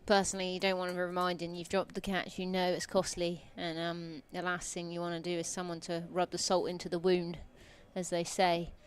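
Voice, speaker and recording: A woman co-commentating on live cricket, giving relaxed, conversational analysis. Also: on the low side, brisk, few pauses.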